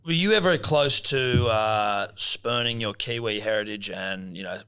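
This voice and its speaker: Matey male co-host, low voice with a bright, forceful edge, joking and loose. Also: unhurried, smooth. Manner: joking, matey, swears casually. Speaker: podcast co-host. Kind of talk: casual interview banter.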